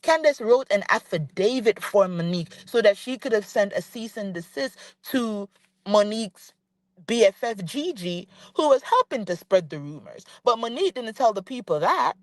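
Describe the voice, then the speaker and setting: A reality TV commentator vents on her vlog in an animated, mid-range voice at normal speed, addressing her target directly and restating her points to drive them home. No echo is present.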